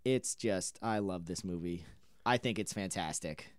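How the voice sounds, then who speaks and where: A man's voice: low voice, unhurried, dry recording, clean studio sound. Enthusiastic man gushing about a film. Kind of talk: casual film discussion.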